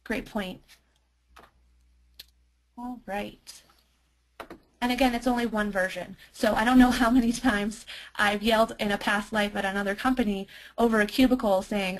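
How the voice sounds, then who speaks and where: A woman working as a marketer, presenting a software demo in an enthusiastic, chatty way with frequent ums. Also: medium pitch, steady tone, normal speed, pauses often, rough recording.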